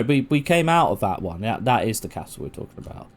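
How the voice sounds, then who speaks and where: A man's voice: fairly low pitch, very animated, quick pace. A man casually commenting and joking while playing a game. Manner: rambling, joking, swears casually. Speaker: game streamer. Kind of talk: casual let's-play commentary.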